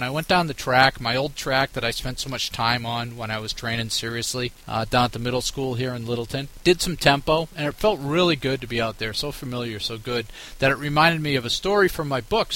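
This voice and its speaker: Podcast host guy, bright voice, chatty and teasing, rambles a bit. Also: mid-range voice, fairly quick, few pauses, rough recording. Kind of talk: casual podcast chat.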